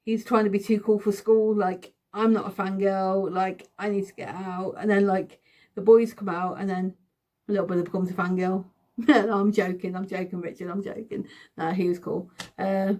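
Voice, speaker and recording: A woman's voice: mid-range voice, moderate pace. Chatty woman telling a story. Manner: excitable, chatty, giggly storytelling. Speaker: vlogger. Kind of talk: casual storytime.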